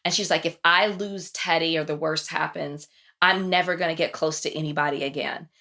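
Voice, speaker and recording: A woman hosting a podcast, retelling TV episodes in casual chat and acting out the quotes. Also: a little fast. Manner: animated storytelling, acts out quotes with big pitch jumps. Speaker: podcast host.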